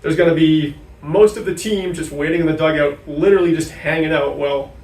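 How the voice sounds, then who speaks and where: A chatty young man with a slightly high voice, answering in a loose, rambling way with lots of "like". He sits back from the mic in an echoey room, and faint noise hums underneath. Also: steady tone, a little fast, darkish tone, distant mic. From New Hampshire, US. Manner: chatty, many "like" fillers. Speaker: guest, sports information director. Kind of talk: casual interview chat.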